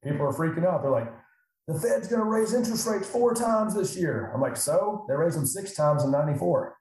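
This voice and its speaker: This is casual podcast talk from a middle-aged man who works as a financial advisor. He speaks animatedly and often mimics his clients. His mid-range voice is a little mellow, and it's recorded in a very echoey room.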